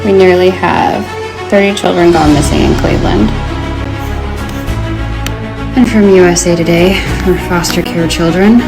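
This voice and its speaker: Woman, calm explainer, low gravelly voice, loud music underneath. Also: a little slow, long pauses. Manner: calm, explanatory, reads sources aloud. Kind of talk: reading news headlines to camera.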